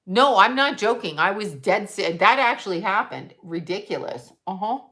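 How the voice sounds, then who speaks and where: A woman hosting a casual livestream, telling rambling, animated stories with blunt, profane asides. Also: mid-range voice, normal speed. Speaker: psychic medium livestream host. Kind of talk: casual live-stream chat.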